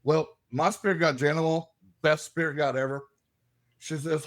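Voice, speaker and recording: A middle-aged man, a guest telling animated stories and laughing as he acts out the voices in them. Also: a little high, moderate pace. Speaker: guest, paranormal investigator. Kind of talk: animated storytelling.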